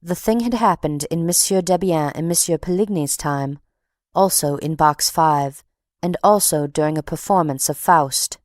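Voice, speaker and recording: A woman narrating an audiobook in a measured, steady reading. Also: low-pitched, no echo, clean studio sound.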